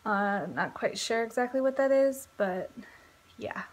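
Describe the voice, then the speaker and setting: A woman's voice: a little high, lively intonation, measured pace. A pregnant young woman vlogging in a casual, rambling chat, laughing often.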